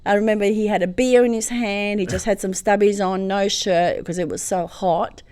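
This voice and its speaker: On a podcast, a woman born in Croatia, whose first language growing up was Croatian, shares a family story in a casual storytelling interview. Her medium-pitched voice is smooth and unhurried at a normal pace, recorded with no echo. She is emotional and lively, often bursting into laughter as she talks.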